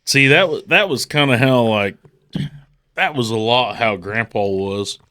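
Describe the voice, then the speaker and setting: A man's voice: medium pitch, unhurried, sharp tone, dry recording, clean studio sound. A man telling a casual story on a podcast, rambling, swearing freely and mimicking the people he quotes. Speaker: podcast guest.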